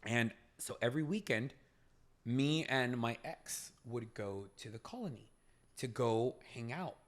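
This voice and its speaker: A man from Los Angeles, a former chef, telling a casual story as a podcast guest, loose and animated with lots of filler words. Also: medium pitch, unhurried.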